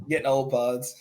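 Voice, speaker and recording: A man's voice: medium pitch, a little mellow. A young man, co-hosting a podcast and chiming in with short, jokey remarks. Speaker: podcast co-host. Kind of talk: casual chat.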